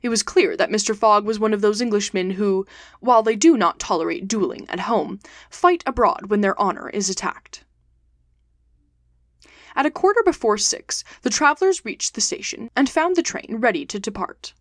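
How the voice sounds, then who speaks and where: A woman hosting a storytelling podcast, reading a classic novel aloud in a steady, clear, expressive way. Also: medium pitch, normal speed, dry recording, clean studio sound.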